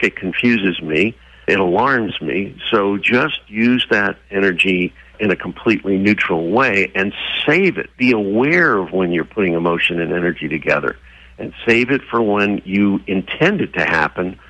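A man voicing a calm, patient horse that gives advice in an even tone. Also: low voice, normal speed, dry recording, full character voice. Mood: calm advising. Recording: dull lo-fi sound.

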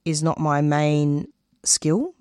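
A woman's voice: low voice, slow pace, darkish tone, clear, resonant tone, no echo, clean studio sound. A woman who produces radio, speaking in an interview with intense, emphatic feeling. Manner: intense, emphatic, openly emotional. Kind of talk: candid interview answers.

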